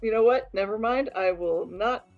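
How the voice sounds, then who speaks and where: A woman's voice: medium pitch, moderate pace, dull audio, faint music behind. A woman chatting cheekily and laughing in a casual group chat on a livestream.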